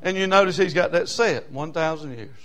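A man from South Carolina with a Southern accent, preaching a sermon in rhythmic bursts with call-and-response amens, swinging from loud shouts to quiet asides. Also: fairly high pitch, a little fast. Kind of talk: fiery sermon.

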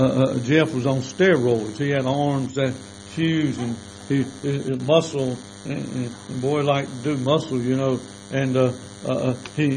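A man's voice: medium pitch, a little mellow, slight background noise, rough recording. An older man, preaching a sermon as a folksy, plainspoken storyteller.

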